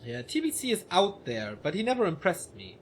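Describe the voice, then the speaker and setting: Lively, chatty male esports caster. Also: high-pitched, fairly quick, slight background noise. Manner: chatty, joking asides between play calls. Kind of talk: solo play-by-play game commentary.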